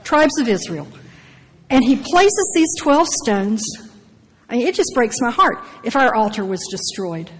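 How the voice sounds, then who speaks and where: A woman preaching, her voice sitting a little high for a woman. She moves between reading scripture aloud and breaking in with emphatic asides. A long reverb trails her words through the hall. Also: big pitch swings, unhurried, husky.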